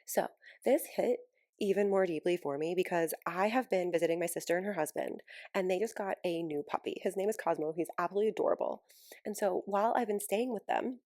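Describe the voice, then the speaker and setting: A woman's voice: mid-range voice, darkish tone, no echo, studio quality. A woman hosting a casual solo podcast, gushing and enthusiastic, laughing often between thoughts. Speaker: podcast host and healing coach.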